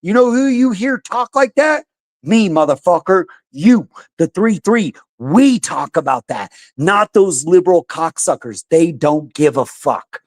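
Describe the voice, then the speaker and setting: A young American man hosting a podcast, ranting loudly about politics with a combative, profane manner. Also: sits high, lively intonation, a little slow. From United States. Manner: loud, combative, swearing. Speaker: podcast host.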